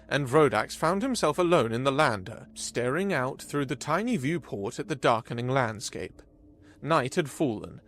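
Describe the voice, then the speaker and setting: Expressive male story narrator. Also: medium pitch. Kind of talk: scripted narration.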